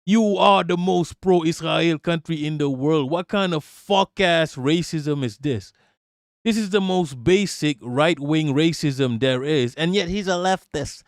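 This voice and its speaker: A man's voice: fairly high pitch, unhurried, no echo, studio quality. A man from Malaysia, streaming a live commentary rant, profane and mocking.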